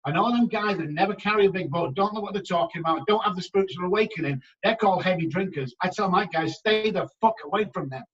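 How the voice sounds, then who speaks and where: Man, blunt, swears a lot, slightly high voice, distant dull lo-fi sound. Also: fast, hardly any pauses, a bit bright. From England. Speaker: addiction recovery doctor. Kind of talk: casual interview talk.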